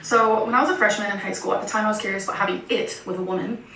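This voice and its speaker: A woman YouTuber reads viewer confessions aloud, chatting casually and adding giggly asides. Her medium-pitched voice is racing and sharp, with vocal fry and fairly even intonation. She's far from the mic in an echoey room, with faint hiss.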